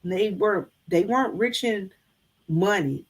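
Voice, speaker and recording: The voice is a middle-aged woman's, mid-range and measured. She's a vlogger chatting casually with her live viewers, addressing them as "y'all" while she tells folksy stories.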